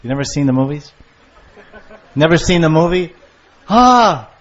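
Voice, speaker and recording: Older guy lecturing on scripture, bit high voice, muffled lo-fi recording. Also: fairly quick. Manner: animated storyteller, acting out lovers' calls. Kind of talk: devotional lecture.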